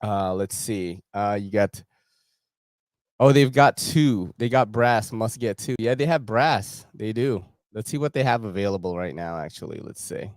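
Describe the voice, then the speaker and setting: A man's voice: fairly low pitch, unhurried, dry recording, clean studio sound. A young man hosting a casual gear show, chatting in laid-back slang while browsing a website and laughing often.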